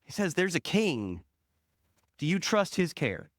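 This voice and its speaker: A man preaching a sermon as pastor, leaning hard on single words and letting phrase ends fall soft and low. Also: big pitch swings, dry recording, studio quality. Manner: slow, emphatic stress on single words.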